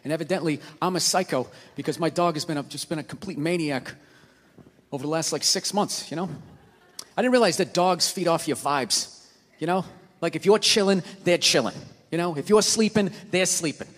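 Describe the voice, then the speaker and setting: A man performing a stand-up comedy routine, ranting in exasperation and shouting his punchlines. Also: a little high, a little fast. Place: comedy theater stage. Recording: live hall reverb, crowd laughter and noise.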